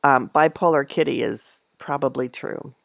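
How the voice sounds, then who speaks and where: At a moderate pace and with a creaky voice, a middle-aged woman runs a casual home livestream for her knitting channel. She rambles with lots of fillers and soft laughs, cooing high-pitched at her cats, and there's no room sound.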